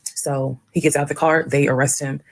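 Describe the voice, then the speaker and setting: A woman telling a personal story in a frank, animated way, acting out the dialogue. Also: sits low, moderate pace, heavy background noise. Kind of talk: casual storytelling.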